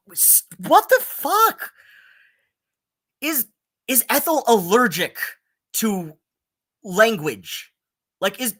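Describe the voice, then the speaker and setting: A man streaming rambling, sarcastic commentary, halting on constant ums and likes. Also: high voice, pushed and bright. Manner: filler-heavy, halting, with many ums and likes; sarcastic and exasperated.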